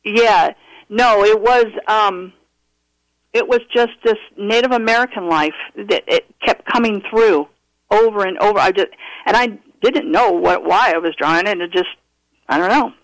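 A man calling in to tell a personal story, earnest and animated, often restarting his sentences. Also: sits high, moderate pace, dry recording, rough recording. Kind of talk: casual storytelling interview.

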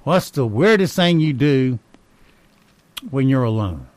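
Slow and animated, a radio host with a medium-pitched, slightly mellow voice reads out poll results and fun facts in casual banter. He's wry, tossing in dry little asides, and the recording is dry.

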